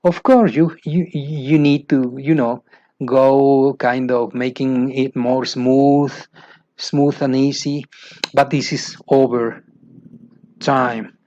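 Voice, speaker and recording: A man's voice: medium pitch, steady tone, takes it slowly, mellow, no room sound. A man with a Mexican Spanish accent, a native Spanish speaker, explaining a teaching method in English, repeating key words and asking rhetorical questions. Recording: dull lo-fi dry recording.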